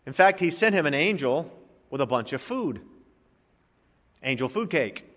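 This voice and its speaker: Pastor, male, fairly high voice, lively emphatic preaching, reverberant church sanctuary. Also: normal speed. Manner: preacherly, swings from soft asides to loud emphatic lines. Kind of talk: sermon.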